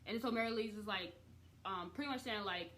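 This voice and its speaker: A young adult woman recapping and reviewing a TV series in a chatty, expressive way, with casual slang and the odd swear. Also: medium pitch, brisk, slight background noise.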